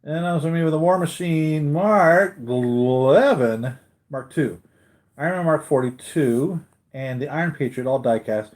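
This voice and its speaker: Speaking at a measured pace in a slightly high, a little mellow voice, a man runs a live collectibles stream and chats loosely with his audience. He's worn out after no sleep, so his talk wanders with many restarts.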